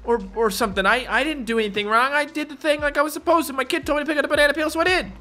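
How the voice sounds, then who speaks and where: A man voicing a frantic, squeaky-voiced dad in a video game, shouting in a very high, shrill voice. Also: lively intonation, moderate pace, vocal fry, faint music behind, full character voice. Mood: panicky. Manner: shrill, panicky.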